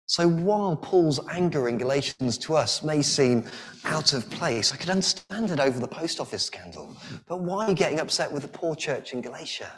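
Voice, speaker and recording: Male preacher, earnest and halting, somewhat higher voice. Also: animated. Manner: earnest, frequent repeated-word restarts. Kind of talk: sermon.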